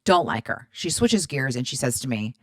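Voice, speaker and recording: A woman in her thirties hosts her own podcast, talking low and chatty as she swears freely and acts out both sides of her stories. The sound is dry and close, with no room around it. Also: very animated, moderate pace, dry recording. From Middle Eastern background. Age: 30s. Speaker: podcast host. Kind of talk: casual storytelling monologue.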